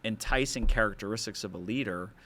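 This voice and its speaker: A man's voice: fairly low pitch, brisk, bright, forceful tone. A man co-hosting a faith-based podcast about fatherhood, reflective and telling stories from his youth ministry days in casual chat. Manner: reflective, tells stories, many likes and restarts.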